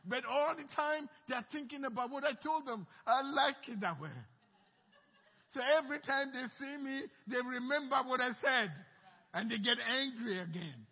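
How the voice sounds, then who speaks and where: A man with a strikingly high, husky voice preaches with animated emphasis, often calling for an amen. The sound is muffled and carries a long reverb from a church hall. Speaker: pastor. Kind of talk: sermon.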